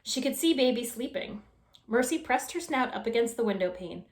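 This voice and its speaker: A woman reading a children's storybook aloud with expressive, animated storytelling. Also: fairly high pitch, normal speed. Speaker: storytime reader. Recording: echoey room.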